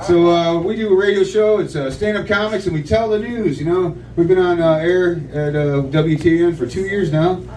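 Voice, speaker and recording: A man doing stand-up at a bar, pausing often with fillers as he opens his set. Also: sits high, darkish tone, a little hiss or hum. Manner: hesitant, filler-heavy delivery. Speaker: radio show comedian. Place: kava bar comedy night, indoors. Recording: echoey room from a distance.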